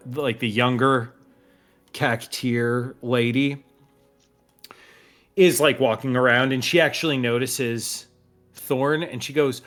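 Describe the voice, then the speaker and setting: A man's voice: mid-range voice, fairly bright tone. A man narrating a tabletop game as game master in a rambling, laid-back way.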